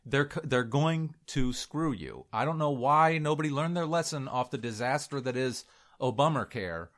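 A man's voice: mid-range voice, expressive, normal speed, fairly bright tone. A man co-hosting a casual political chat, his voice cracking as he rants bluntly and with emphasis. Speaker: co-host.

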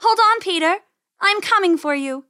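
A woman's voice: sits high, animated, moderate pace, a bit bright, dry recording, studio quality, voice pushed up. A woman voicing a bold, bossy young girl rabbit in a storybook.

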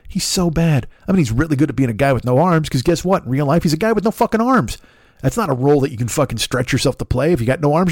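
A man's voice: on the high side, dry recording, studio quality. A middle-aged man doing a profane, rambling comedic rant as a podcast host, acting out the people he quotes. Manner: profane, rambling, animated, acts out quoted voices.

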